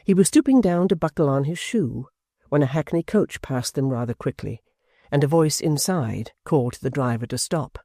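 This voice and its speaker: An audiobook narrator reads a classic novel steadily and expressively, with lively pitch. The tone is mellow and dark, recorded close and dry. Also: moderate pace, dry recording.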